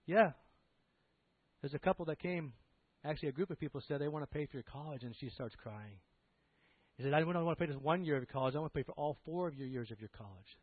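A man preaching a sermon, telling a story that swells to loud emphatic peaks and drops to soft low passages. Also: dry recording. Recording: tinny phone-like sound.

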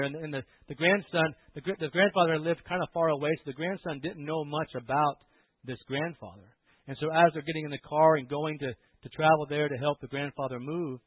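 Husky guy preaching hard, kinda high voice, tinny phone-ish sound. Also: no echo. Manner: impassioned, swinging from loud preaching to quiet storytelling. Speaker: pastor. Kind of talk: sermon.

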